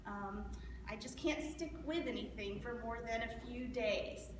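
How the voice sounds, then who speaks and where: A woman's voice: on the high side, measured pace, close to an everyday voice. A woman playing an anxious, insecure woman, hesitant and full of ums in a stage monologue. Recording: echoey hall from far off, noisy.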